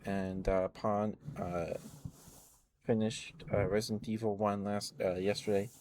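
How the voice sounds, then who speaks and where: A tired, worn-out man rambling softly and chuckling often, chatting sleepily to his stream viewers up close to the mic. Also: lowish voice, flat delivery, measured pace, slight background noise. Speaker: ASMR streamer. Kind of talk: sleepy ASMR chat to live viewers.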